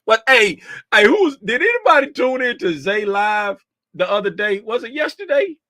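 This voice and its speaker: Livestream host, middle-aged man, bright and lively, chatty with viewers, dry close mic. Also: sits high, moderate pace, dry recording. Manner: animated, greets chat viewers by name; drops to a hushed, confiding tone at times. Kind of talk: casual livestream chat.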